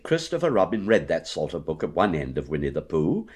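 A man narrating a children's storybook with expressive, animated reading. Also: very deep voice, brisk, slightly rough.

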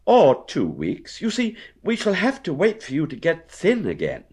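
A man voicing an anxious, plump, food-loving male teddy bear in a storybook reading, with a high, plaintive, drawn-out voice. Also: huge pitch swings, a little mellow, breathy edge, exaggerated voice. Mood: gloomy.

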